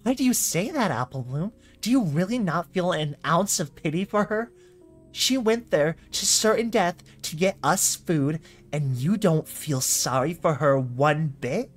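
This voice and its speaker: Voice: medium pitch, expressive, unhurried, voice pushed up. A reader voicing a frightened young filly pony who pleads in a raised, strained voice, in a dramatic comic reading. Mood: reproachful.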